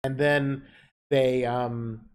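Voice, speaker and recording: A man's voice: medium pitch, little pitch movement, drawn-out words, clear, resonant tone. A man co-hosting a podcast, explaining things in a chatty, playful way. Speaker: podcast co-host. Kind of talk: casual chat.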